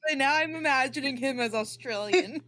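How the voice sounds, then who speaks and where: A woman's voice: high voice, brisk, sharp tone. A woman playing in a casual tabletop game, curious and giggly. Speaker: player.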